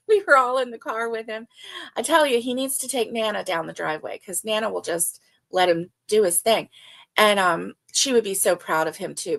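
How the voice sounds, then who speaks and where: An older woman hosts a relaxed livestream, reading viewer comments aloud in a mid-range voice with vocal fry. She's chatty and warm, her talk full of fillers.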